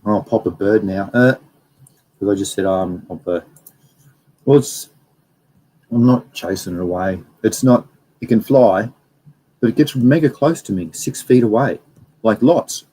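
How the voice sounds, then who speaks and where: A man's voice: fairly low pitch, measured pace, long pauses, mellow, slightly rough, low-quality recording. A young man hosting a casual livestream, rambling and reading out viewer comments. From Australia. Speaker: livestream host.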